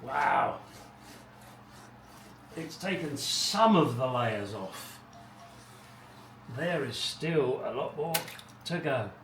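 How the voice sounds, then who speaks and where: A man's voice: medium pitch, animated, drawn-out words, long pauses, a bit bright. A middle-aged man narrating his car restoration work in a casual, wry, rambling way with muttered asides, recorded in his home garage. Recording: echoey garage, distant mic, background noise.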